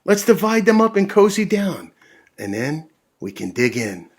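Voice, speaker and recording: A man voicing a friendly male badger who offers to share food, in a bright, eager, raised voice. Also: high voice, big pitch swings, unhurried, slight background noise, pitched above the performer's own voice, full character voice. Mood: cheerful.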